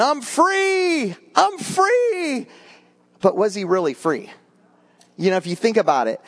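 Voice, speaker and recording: Animated middle-aged male pastor, slightly high. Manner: animated, conversational preaching with quick asides. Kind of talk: sermon.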